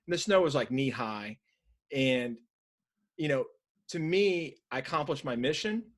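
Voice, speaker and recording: A man in his thirties from Northern Virginia speaks as a podcast guest. His pitch sits in the middle range. He tells a story in a casual, animated way, jumping back into half-finished sentences and acting out quotes. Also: a little slow. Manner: animated, many restarts and acted-out quotes. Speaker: podcast guest, side hustle coach.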